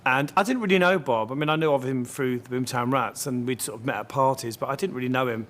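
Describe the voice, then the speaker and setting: A musician in a documentary interview, recalling an event with mild amusement. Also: male voice, mid-range voice, fast talker, fairly bright tone.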